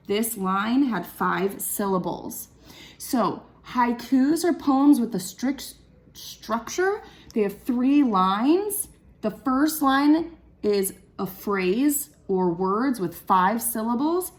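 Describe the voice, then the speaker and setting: A young woman teaches children how to write a poem, thinking aloud as she works. Her voice sits a little high and she takes her time, counting syllables slowly and patiently. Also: expressive. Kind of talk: classroom lesson for children.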